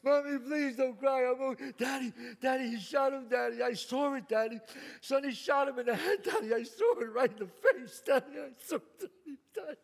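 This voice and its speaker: A man's voice: very high voice, moderate pace, creaky, big-room sound, pitched above the performer's own voice. A man from New voicing a frightened young boy who pleads in a breathless child's voice, recorded on stage. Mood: shaken, pleading.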